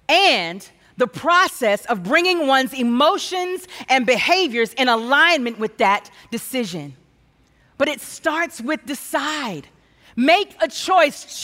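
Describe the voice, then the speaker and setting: A woman's voice: sits high, bright, forceful tone. A woman guest speaker telling a personal story in a sermon, acting out the conversations she recounts. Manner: storytelling, acts out quoted exchanges. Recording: hall reverb.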